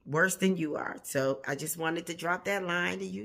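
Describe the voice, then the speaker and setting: A woman's voice: lowish voice, moderate pace, gravelly, fairly bright tone. A woman who hosts a plant channel, talking casually and encouragingly to her viewers, repeating phrases for emphasis and chuckling often. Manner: chuckles often mid-sentence. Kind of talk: casual motivational talk to viewers.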